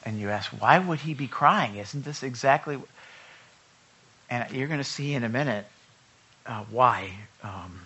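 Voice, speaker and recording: Bright, animated male preacher. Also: mid-range voice, breathy edge. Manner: conversational, swings from loud urging to hushed reading. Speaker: pastor. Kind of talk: sermon.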